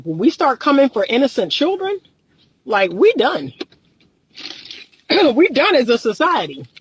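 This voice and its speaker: A woman's voice: on the high side, husky, dry recording, rough recording. A woman relationship coach speaking straight to her viewers in an earnest, emphatic way, repeating her key phrases for weight. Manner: addresses viewers as "y'all". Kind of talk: direct-to-camera monologue.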